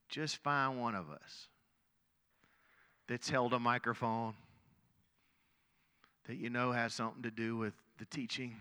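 A man's voice: medium pitch, bright, forceful tone, clear, resonant tone, long reverb tail. A middle-aged male pastor telling a story in a sermon, earnest, often repeating words as he goes.

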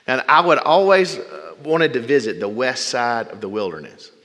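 A male preacher delivering a sermon with folksy humorous asides, swinging between loud bursts and hushed, drawn-out phrases. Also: medium pitch, animated. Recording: long reverb from a large hall.

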